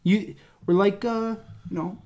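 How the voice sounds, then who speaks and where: A man's voice: sits high, fairly even intonation, a little slow, darkish tone. A man hosting a podcast, joking and swearing with his friends and laughing often. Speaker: podcast host. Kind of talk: casual podcast banter.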